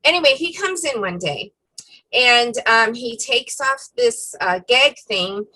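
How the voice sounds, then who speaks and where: A woman co-hosting a casual faith-themed chat, retelling a story in an animated way with many fillers. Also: on the high side, slow pace, rough recording. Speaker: co-host.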